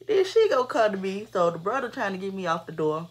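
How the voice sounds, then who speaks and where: A young adult woman vlogger telling a personal story in an animated, slangy, emphatic way. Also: mid-range voice, a little fast, few pauses, slightly rough. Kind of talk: storytime vlog.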